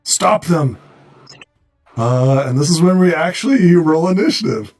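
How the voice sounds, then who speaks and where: Lively game master man with hesitant narration. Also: a little high, fairly quick, faint music behind. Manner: hesitant, full of "uh" fillers.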